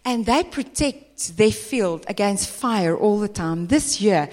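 A South African woman preaching a sermon, emphatic and animated, acting out people's voices. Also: medium pitch, takes it slowly, long reverb tail.

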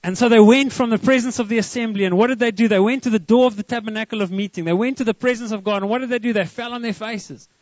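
Lively preacher man. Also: high-pitched, fast talker, few pauses, no room sound, muffled recording. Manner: lively, asks the congregation questions. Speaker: pastor. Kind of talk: sermon.

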